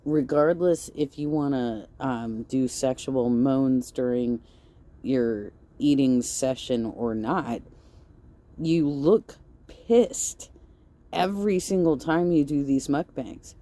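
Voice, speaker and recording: Slow, sarcastic commentary woman. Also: rumbling low, mellow. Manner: sarcastic, scolding. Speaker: commentary host. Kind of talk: reaction commentary.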